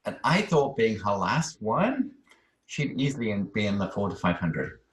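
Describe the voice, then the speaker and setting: Soft-spoken man on a roomy call. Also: lowish voice, big pitch swings, moderate pace. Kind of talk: casual chat.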